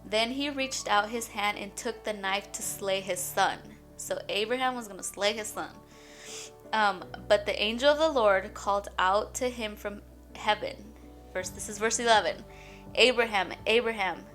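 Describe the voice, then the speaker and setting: Young woman vlogging her testimony, bright voice, rambly and teary, faint music underneath. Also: medium pitch, moderate pace. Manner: tearful, breaks into shaky laughs and crying; rambling, full of "like" and "you guys". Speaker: boutique owner sharing a faith testimony. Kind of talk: emotional personal testimony vlog.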